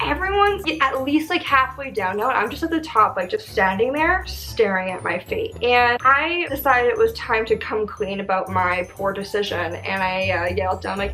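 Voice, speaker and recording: A young woman tells a travel story in a casual vlog, chatty and quick to swear. Her voice sits fairly high, and she plays out her own quoted lines as she goes. Faint music runs underneath. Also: bright, forceful tone, rough recording. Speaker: vlogger telling a travel story.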